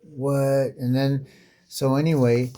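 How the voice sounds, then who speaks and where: Laid-back male comic reviewer, dark mellow timbre, swears freely and reacts with disbelief. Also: mid-range voice, flat delivery, slow pace. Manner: profane, slangy, incredulous riffing. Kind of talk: casual comic commentary.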